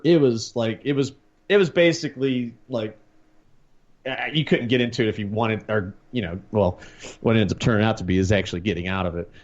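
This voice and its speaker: A man co-hosting a podcast, telling a childhood story in a relaxed way and swearing casually. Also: mid-range voice. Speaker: podcast co-host. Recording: dull lo-fi sound.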